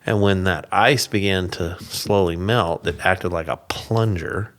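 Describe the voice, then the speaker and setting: A man with a low voice, speaking unhurriedly, appears as a guest on a podcast and tells a story in a casual interview. He's animated, acting out quoted dialogue in raised voices and laughing often.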